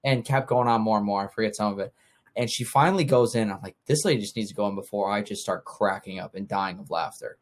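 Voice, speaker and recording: Lower-voiced young man hosting a chat. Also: fairly even intonation, fast talker. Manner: easygoing storytelling with acted-out quotes. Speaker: podcast host. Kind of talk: casual chat.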